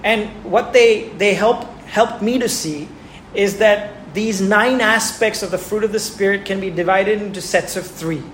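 A man's voice: high voice, a little slow, a bit bright. A man preaching a sermon who asks his listeners questions and repeats words for emphasis. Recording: echoey room with faint ambient noise.

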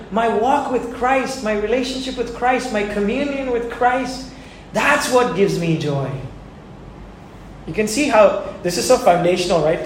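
A man's voice: high-pitched, slight background noise. A male pastor preaching a sermon in an earnest, conversational way, chuckling now and then. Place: church sanctuary. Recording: very echoey church hall.

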